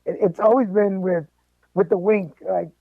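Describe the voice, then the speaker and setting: Guy with a pretty high voice telling his story, jokey and lively, sounds tinny like a phone call, dry. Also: moderate pace, gravelly, dry recording. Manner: animated, joking storyteller. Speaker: podcast guest. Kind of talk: personal storytelling.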